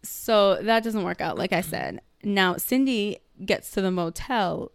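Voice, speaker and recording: A woman recaps a movie scene by scene in an easy, chatty way. She acts out the characters' lines and swears freely. The voice sits at a middle pitch, close to the mic, with a dry, dead room sound. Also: a little slow, vocal fry, smooth, no room sound. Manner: animated storytelling, acting out characters with profanity. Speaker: podcast co-host recapping a film. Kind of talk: casual chat.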